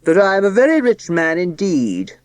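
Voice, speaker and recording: A woman's voice: on the low side, big pitch swings, darkish tone, no echo, voice pushed up. A woman putting on a pompous rich old father. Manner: solemn, slow and weighty. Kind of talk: audiobook character voice.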